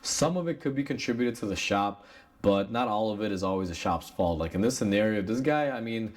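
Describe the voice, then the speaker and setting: An auto shop owner with a Chicago accent tells a customer story casually to the camera, acting out the heated quotes. His voice is fairly low, animated, and brisk.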